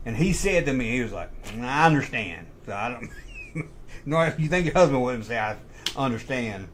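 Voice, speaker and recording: A man's voice: mid-range voice, animated, a little fast, a little hiss or hum. A middle-aged man hosting a live stream, casually telling rambling, profane anecdotes and correcting himself as he goes. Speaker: livestream host.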